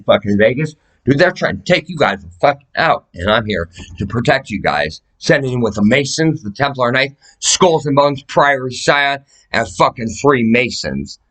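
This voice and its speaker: A man's voice: mid-range voice, a bit bright, poor audio. A man delivering a rambling, profane monologue to camera, urgently pleading and jumping from topic to topic. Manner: rambling, jumps between topics. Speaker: vlogger.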